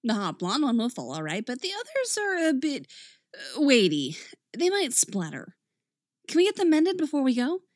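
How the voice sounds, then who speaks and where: A woman reading a story aloud, voicing an odd blue furry male creature who talks quickly and matter-of-factly. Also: sits high, wildly swooping pitch, a little mellow, no room sound, clean studio sound, voice pushed up, exaggerated voice. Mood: eager.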